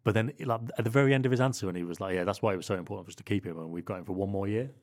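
A man talks quickly in a slightly low voice, telling football stories in a loose podcast chat. His delivery rambles, padded with "like" fillers. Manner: rambling anecdotes with many "like" fillers. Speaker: football club correspondent.

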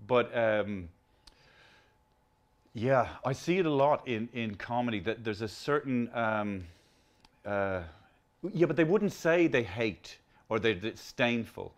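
Rambling, foul-mouthed older host. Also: male voice, mid-range voice, lively intonation, takes it slowly. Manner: rambling, swears freely, many restarts. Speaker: podcast host. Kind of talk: casual conversation.

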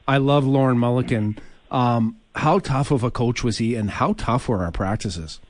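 A man's voice: mid-range voice, moderate pace, dry recording. A man co-hosting a podcast who played with the guest, remembering old times and asking chatty questions. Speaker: podcast co-host, former teammate. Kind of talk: conversational interview.

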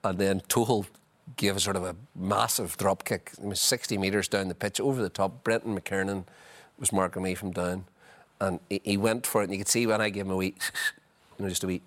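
A middle-aged man, a former footballer telling lively anecdotes as a guest, full of "you know". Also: deep voice, brisk. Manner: chatty, leans on "you know", acts out scenes. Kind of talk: animated anecdotal storytelling.

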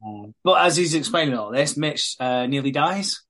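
A man's voice: a little high, animated, normal speed, a bit bright. Brief: male co-host, casual sweary recap chat. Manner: sweary, laughing, acts out quotes.

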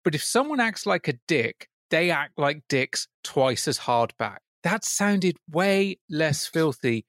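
Lively, wry English man co-hosting. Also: a little high, takes it slowly, dry recording, clean studio sound. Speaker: podcast co-host. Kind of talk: casual chat, reading out old magazine letters.

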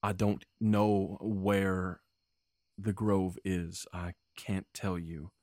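A stammering elf noblewoman who talks in guarded, halting bursts. A man gives her a very low voice. The sound is dry and close. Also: little pitch movement, darkish tone, no room sound. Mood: earnest. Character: hesitant noble wood elf woman.

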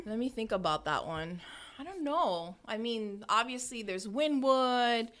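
Bright-voiced Miami woman, chatty. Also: on the high side, a little slow. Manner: animated, slangy, mixes in Spanish words. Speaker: guest. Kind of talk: casual podcast chat.

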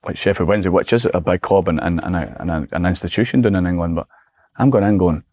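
Scottish guy in his 40s telling football stories, low husky voice, dry sound. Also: fast talker, no room sound. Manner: animated storyteller, acts out his own past remarks. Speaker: guest, former footballer and manager. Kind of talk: casual podcast chat.

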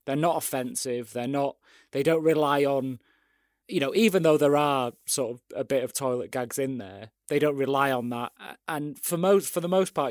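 A man co-hosting a casual film review chat, animated and acting out scenes he liked. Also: mid-range voice, no room sound, clean studio sound. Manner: animated, acts out scenes with quoted lines. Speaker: podcast co-host.

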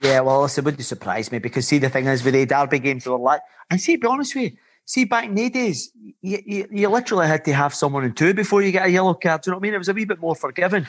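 A middle-aged man, a former footballer turned coach, telling swearing, animated stories with laughter on a podcast. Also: fairly high pitch, very fast. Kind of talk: podcast storytelling.

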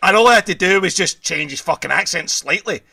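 A man's voice: high-pitched, expressive, brisk, vocal fry, bright, forceful tone, husky, no room sound, studio quality. A Scottish man in casual chat, telling stories with laughs and plenty of swearing.

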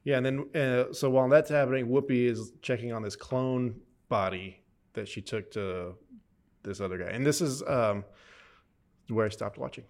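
A man co-hosting a relaxed podcast conversation, jumping in with dry jokes and comparisons. His voice sits at a typical male pitch, plain and conversational. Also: moderate pace. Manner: wry, chiming in with jokes and comparisons. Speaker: podcast co-host. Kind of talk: casual chat.

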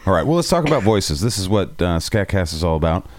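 A man's voice: low-pitched, sing-song, fast talker, no room sound. A man hosting a casual podcast chat, joking around with crude humor and poking fun at himself. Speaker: podcast host.

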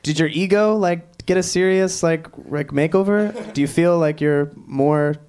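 A man's voice: fairly high pitch, measured pace, darkish tone, clean tone. A man hosting a casual live talk show, rambling and self-deprecating with lots of fillers. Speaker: host. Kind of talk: casual chat.

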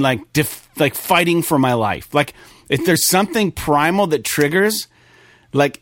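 Animated swearing man telling stories. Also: a little high, no echo, studio quality. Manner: animated storytelling, heavy swearing and filler "like". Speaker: podcast host. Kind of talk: casual podcast chat.

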